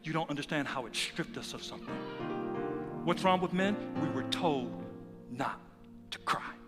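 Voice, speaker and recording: A man preaching a sermon as pastor, dropping to quiet asides and then building to loud, shouted passages. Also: on the high side, normal speed. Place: church sanctuary. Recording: music under a voice in a large reverberant hall.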